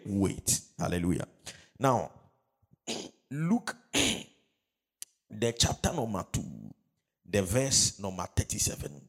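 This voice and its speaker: Man, low-ish voice, pastor preaching call-and-response style, loud and drawn out on key words. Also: sing-song, slow pace, pauses often, breathy edge. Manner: call-and-response, repeating phrases, building to loud emphatic preaching. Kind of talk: sermon.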